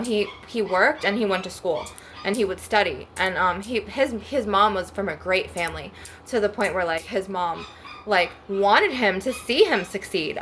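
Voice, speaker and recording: Blunt, profane woman with a gravelly voice. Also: medium pitch, a bit bright, slight background noise. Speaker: spiritual vlogger. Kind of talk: casual storytime rant.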